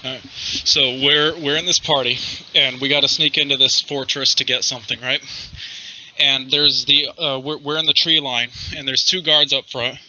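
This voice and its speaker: A man casually retelling a tabletop game session, animated and rambling with frequent restarts, over a video call. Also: medium pitch, normal speed, highs cut off, a little hiss or hum. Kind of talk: casual storytelling chat.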